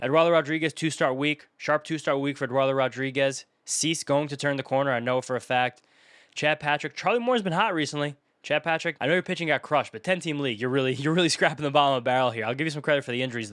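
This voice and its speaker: Young man, rapid chatty commentary, mid pitch, dry close mic. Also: a bit bright, no room sound. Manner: rapid, chatty, riffing off a list of names. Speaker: fantasy baseball YouTuber. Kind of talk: casual solo commentary, grading viewer teams.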